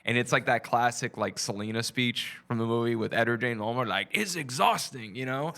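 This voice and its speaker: A man hosts a relaxed interview, his voice bright and forward. He talks in an animated way, laughing easily and acting out the people he quotes. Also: mid-range voice, a little fast, clear, resonant tone. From family from Mexico. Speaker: podcast host. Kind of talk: casual conversational interview.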